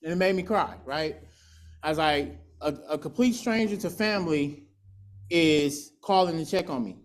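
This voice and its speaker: A man's voice: a little high, moderate pace. A man sharing his recovery story at a meeting, candid and profane, acting out voices. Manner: candid, profane, storytelling with laughs and acted quotes. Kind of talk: personal testimony at a recovery meeting.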